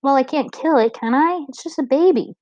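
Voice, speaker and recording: An earnest, gentle young boy hero talks in plain modern words, raised in pitch and soothing in tone, as a woman reading a storybook puts him on. The recording is dull and dry, close with no echo. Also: brisk, close to an everyday voice. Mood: pleading.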